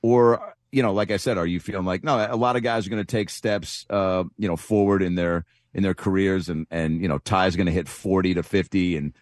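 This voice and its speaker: A man's voice: low voice, fairly even intonation, dry recording, clean studio sound. Rambling laid-back comedian guy. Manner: rambling, laughs often, does quick voices. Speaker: comedian guest. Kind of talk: casual radio banter.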